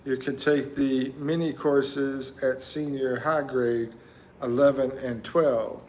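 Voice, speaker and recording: A man hosts a relaxed live chat, greeting viewers by name and wandering from thought to thought. He talks at an unhurried, slow pace in a mid-pitched voice. A faint noise sits behind him. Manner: rambling, chatty, thinks aloud. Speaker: livestream host. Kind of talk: casual live chat reading viewer comments.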